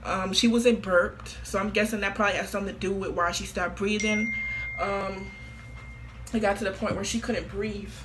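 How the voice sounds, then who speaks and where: Teen woman vlogger, bright forward voice, flat blunt delivery, faint noise behind. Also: mid-range voice, normal speed. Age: teens. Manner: blunt, offhand and flippant. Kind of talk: casual monologue to camera.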